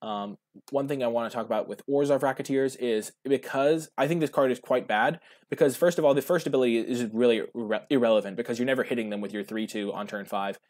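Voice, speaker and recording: A man's voice: medium pitch, quick pace, a little mellow. A man giving casual commentary while drafting cards, thinking aloud and answering his chat. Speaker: streamer.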